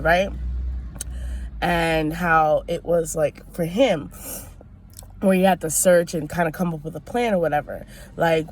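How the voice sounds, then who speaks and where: A young woman with a slightly low voice tells a personal story in a loose, rambling way, full of fillers and restarts. Faint noise hums behind her casual vlog chat. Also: a little mellow. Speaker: vlogger.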